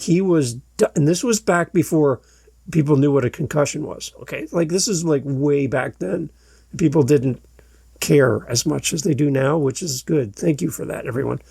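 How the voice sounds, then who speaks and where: Podcast host, male, gravelly and husky, higher-pitched, animated storyteller, dry close mic. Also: a little slow, dry recording. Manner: animated storyteller, acts out quoted shouts. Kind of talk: storytelling monologue.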